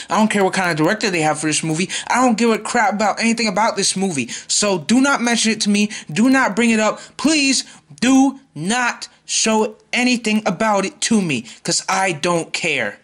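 A man's voice: sits high, fast, few pauses, fairly bright tone. A man ranting in a vlog, exasperated and repeating himself as he vows to boycott a movie. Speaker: YouTuber.

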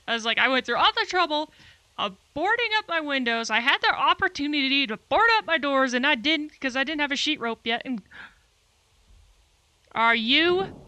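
Bright-voiced young woman swearing through a game. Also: on the high side, clean tone, dry recording. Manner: frustrated, swears often, talks to the game. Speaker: gaming video creator. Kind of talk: let's-play commentary.

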